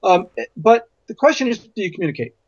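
A man's voice: high voice, sing-song, fairly quick, husky, no room sound. A man guest in an interview, a physician telling stories emphatically and repeating words for stress. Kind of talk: interview conversation. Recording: dull lo-fi audio.

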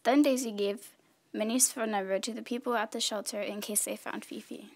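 Lady reading a kids' picture book, kinda high voice, steady and clear. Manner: clear, measured storytelling. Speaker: storybook reader. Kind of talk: children's story read aloud.

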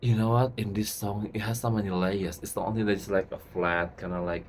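A YouTube host reacting to a music video, gushing and excitable, using loose, non-native English grammar, many "like" fillers and repeated "oh my God". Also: low voice, a little fast, slight background noise.

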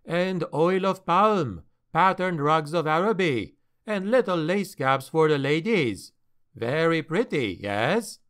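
A man voicing an excitable foreign male ship captain who pleads and protests in a fussy way, for an audiobook. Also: a little high, slow. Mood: cajoling.

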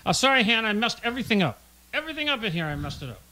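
A man hosts a kids' podcast in a bright voice with a lot of rise and fall, joking around while he fumbles with the equipment. He apologizes often and keeps nudging his co-hosts to carry on. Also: high-pitched, sing-song, rapid-fire. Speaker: podcast host and producer. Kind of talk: casual podcast chat.

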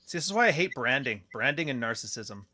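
An American man with a bright, forceful voice talks in a loose, blunt podcast conversation. He slips into mocking quoted voices to make fun of people and keeps a sarcastic edge. His pitch sits in the middle range. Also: big pitch swings, fast talker. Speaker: podcast host. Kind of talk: casual conversation.

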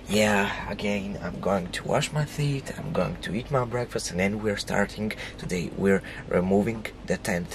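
A young man talking casually to his vlog camera outdoors at a campsite, in a groggy, gravelly morning voice, chatty and full of fillers. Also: fairly low pitch, noisy background. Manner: chatty, loose phrasing with many fillers. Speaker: vlogger. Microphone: handheld vlog camera.

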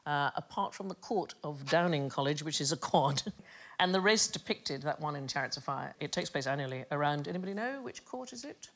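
A woman's voice: sits low, lively intonation, fairly quick. A woman hosting a comedy panel quiz, explaining odd facts in a teasing storytelling way. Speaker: quiz show host. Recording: studio with audience noise.

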